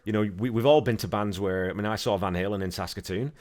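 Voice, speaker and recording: A man with a fairly low voice hosts a music podcast. He speaks in a relaxed, conversational way and grows lively when he retells a story. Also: fast talker. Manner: chatty, animated when retelling anecdotes. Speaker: podcast host. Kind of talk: casual podcast chat and outro.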